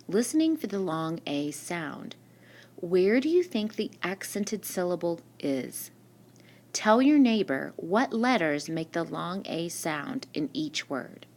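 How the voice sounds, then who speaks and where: Woman teacher going over spelling real slow and patient, lower voice but lots of ups and downs. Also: a little mellow. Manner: slow, patient, asks and answers her own questions. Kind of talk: recorded spelling lesson. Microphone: screen-recording mic.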